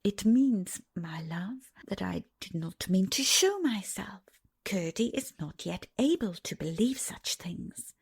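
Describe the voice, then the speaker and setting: A wise old grandmother speaks softly and calmly, almost in a whisper, as a woman puts her on. A faint gravelly texture runs under the hush. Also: mid-range voice, takes it slowly, full character voice. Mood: gentle. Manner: soft and hushed, close to a whisper. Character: wise, gentle old grandmother, calm and loving.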